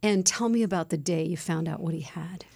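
Husky low-voiced woman host. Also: a little fast. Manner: gentle, probing questions. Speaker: podcast host. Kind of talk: interviewing.

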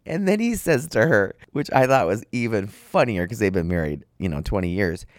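A man hosting a podcast, telling a story in a chatty way and breaking into high laughter. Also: sing-song, moderate pace, no echo, studio quality. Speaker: podcast host. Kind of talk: casual storytelling monologue.

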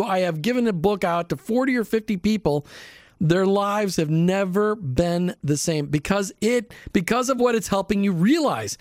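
High-voiced enthusiastic radio host man. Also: a little mellow, no room sound, studio quality. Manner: enthusiastic, emphatic, addresses listeners directly. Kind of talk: Christian radio interview. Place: radio studio.

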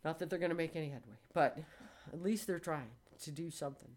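A woman in her sixties hosting a casual chat, telling stories with animated, blunt delivery and acted-out dialogue. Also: low voice, fast. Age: 60s. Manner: animated storytelling, swears freely, acts out quoted dialogue.

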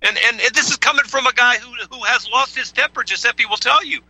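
A man co-hosting a call-in radio show who tries to calm a guest down, pleading for restraint. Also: very high-pitched, fairly quick, slightly rough, dry recording, low-quality recording. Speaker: co-host.

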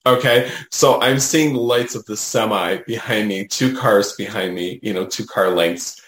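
Low-voiced man telling a story, echoey. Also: moderate pace. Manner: animated, lots of "you know" and "right?". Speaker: guest, medium. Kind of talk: casual storytelling.

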